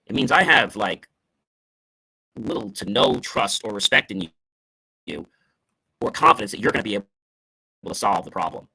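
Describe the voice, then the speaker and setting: Emphatic bright-voiced male motivational host. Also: lively intonation, moderate pace, gravelly, long pauses, husky. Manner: emphatic, varies stress and tone to demonstrate meaning; salesy, upbeat sign-off pitch. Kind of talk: motivational talk.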